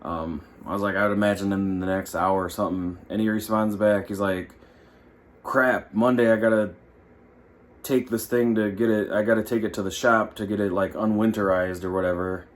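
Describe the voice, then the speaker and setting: A man's voice: on the low side, fairly even intonation, normal speed. A young man vlogging in a rambling, exasperated casual chat, full of fillers.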